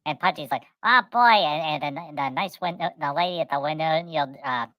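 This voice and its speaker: A middle-aged woman co-hosting a casual chat, telling rambling, animated stories and acting out the voices in them. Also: sits low, fairly quick, dry recording, poor audio. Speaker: co-host.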